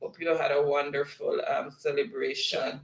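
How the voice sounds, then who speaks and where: Reading the live chat aloud, a male livestream host keeps a slow, easygoing pace and breaks into laughter often, though his delivery is otherwise completely flat. His slightly high voice has a gravelly edge, and the room is echoey.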